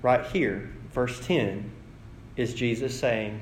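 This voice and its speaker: A man's voice: unhurried, reverberant, background noise. A man, a pastor preaching a sermon in a conversational storytelling way. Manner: storytelling, conversational, shifting to low dramatic delivery.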